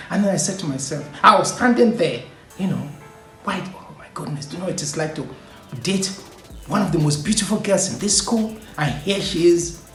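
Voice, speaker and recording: A man casually recounting a personal story for his vlog, animated and quick to laugh, often trailing off mid-thought. His voice rings in an echoey room, with soft music playing faintly behind him. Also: fairly high pitch.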